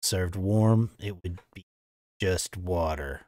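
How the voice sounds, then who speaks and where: Low-voiced American man reading chat. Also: slow. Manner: reads viewer comments aloud, relaxed, hesitant fillers. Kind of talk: casual live-stream chat.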